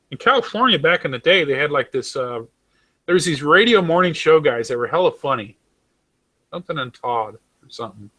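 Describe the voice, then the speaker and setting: A man's voice: mid-range voice, fairly bright tone, no room sound. A man talking casually and swearing a lot, rambling from story to story. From United States. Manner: rambling, profane, jumps into mocking voices. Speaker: talk show host. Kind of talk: casual chat.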